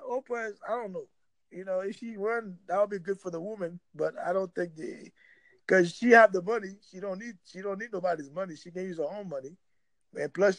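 Man with a very high, gravelly voice giving a heated, profane rant in a dry, close sound. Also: dry recording, rough recording. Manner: heated, profane, emphatic ranting. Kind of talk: casual opinionated chat.

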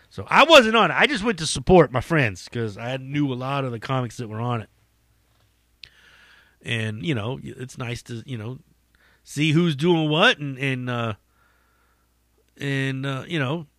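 A man hosting his own podcast as a working stand-up comic, rambling through backstage stories with plenty of profanity and chuckles. His voice has a bright, forceful edge at an ordinary middle pitch. It is recorded close and dry, with no room sound. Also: no room sound. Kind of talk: casual storytelling monologue.

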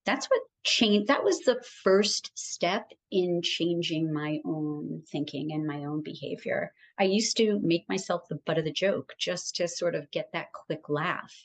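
A woman's voice: lowish voice, unhurried, hardly any pauses. A woman guest on a podcast, talking in an earnest, emphatic and encouraging way about self-worth. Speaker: podcast guest, wellness coach. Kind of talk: conversational interview.

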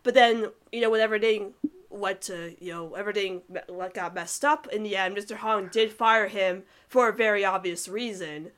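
A woman's voice: medium pitch, fairly even intonation, normal speed, fairly bright tone. A woman co-hosting a podcast in casual chat, chatty and giggly, trailing off with filler words. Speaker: podcast co-host reviewing cartoon episodes.

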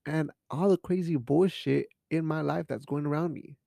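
Gravelly, joking podcast host. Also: male voice, fairly high pitch, fairly even intonation, moderate pace, few pauses, warm tone, dry recording, studio quality. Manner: profane, joking, rambling, mixes in Spanish phrases. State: drinking beer while talking. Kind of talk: casual solo podcast chat.

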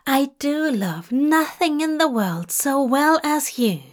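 Woman playing a male angel, bookish, fussy, earnest, declaiming love poetry, fanfiction reading, slightly raised pitch, unhurried. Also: animated.

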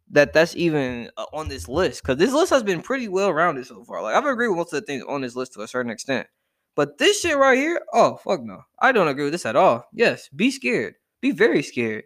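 A young man ranting casually to camera, animated and profane as he reacts to a list. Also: on the high side, brisk. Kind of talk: casual rant.

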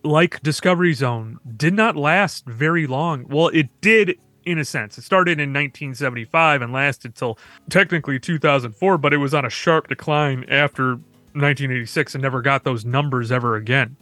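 A man co-hosting a podcast, telling stories quickly and casually with laughs and asides. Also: mid-range voice, sharp tone, no echo, faint music behind. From Michigan. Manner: fast storytelling with laughs and asides. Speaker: podcast co-host.

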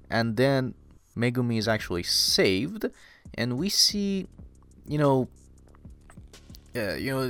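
A man's voice: mid-range voice, a bit bright. A young man casually recapping a story, rambling with lots of fillers and chuckling at the plot. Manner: rambling, heavy "you know" fillers, laughs at the story. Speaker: anime recap commentator.

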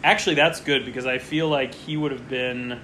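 A man's voice: medium pitch, fairly even intonation, moderate pace, pushed and bright, a little hiss or hum. Chatty man rambling through a draft. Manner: rambling, chatty, easily distracted. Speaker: podcast co-host. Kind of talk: casual chat during a fantasy football draft.

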